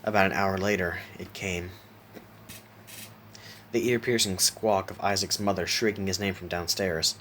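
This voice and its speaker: Low-voiced man reading a horror story. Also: moderate pace, pauses often, slight background noise. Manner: steady reading with small self-corrections. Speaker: narrator.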